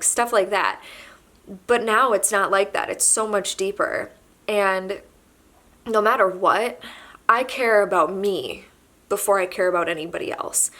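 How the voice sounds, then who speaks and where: A young woman vlogging to camera, halting and soft-spoken as she admits she is pregnant and emotional. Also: medium pitch. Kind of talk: candid emotional confession to camera.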